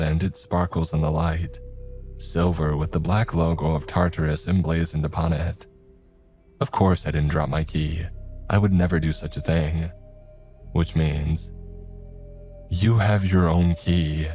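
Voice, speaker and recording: A man telling a scripted first-person horror story, grave and steady, with stern lines of dialogue. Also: very deep voice.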